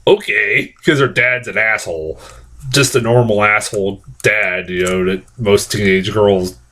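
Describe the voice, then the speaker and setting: A man's voice: lowish voice, steady tone, unhurried, sharp tone. A man giving a casual spoken movie review, rambling and swearing, with many restarts and fillers.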